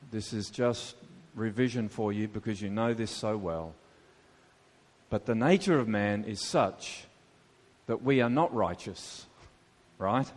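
Slow-speaking preacher in a reverberant hall. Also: male voice, medium pitch. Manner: conversational preaching with rhetorical questions. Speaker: pastor. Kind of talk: sermon.

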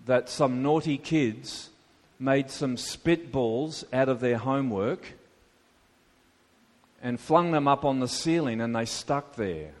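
Man, pastor, sermon, unhurried delivery, long reverb. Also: medium pitch. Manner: conversational preaching with rhetorical questions.

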